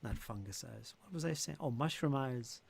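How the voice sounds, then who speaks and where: A man's voice: medium pitch, expressive, moderate pace, creaky, a little hiss or hum. A man running a tabletop game as game master, thinking aloud with fillers and restarts.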